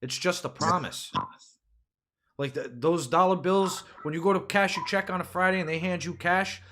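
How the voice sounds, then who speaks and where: A man's voice: sits high, moderate pace, bright, forceful tone. A man hosting a political podcast, ranting with profanity and rhetorical questions. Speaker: podcast host. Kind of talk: casual political podcast rant.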